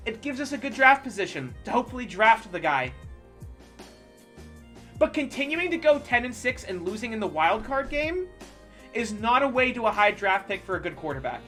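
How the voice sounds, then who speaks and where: A streamer ranting casually and profanely about football while playing a baseball management game. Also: medium pitch. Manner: animated, profane sports ranting.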